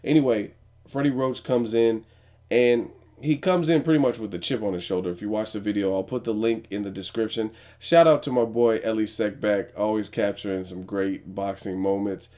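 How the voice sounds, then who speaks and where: A man's voice: lowish voice, moderate pace, mellow. A young man giving a blunt, profane, opinionated commentary as a vlogger host. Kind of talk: casual news commentary.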